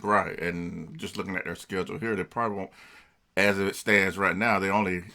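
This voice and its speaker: Young male sports co-host, very low voice with a bright edge, easygoing. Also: fairly even intonation, fairly quick, gravelly. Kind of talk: casual sports talk.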